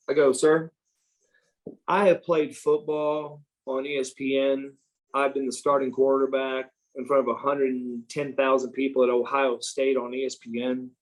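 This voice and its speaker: A man's voice: a little high, rough recording. A middle-aged American man, a former pro wrestler, telling stories animatedly in a podcast interview and swearing freely as he acts out quotes. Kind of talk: shoot interview storytelling.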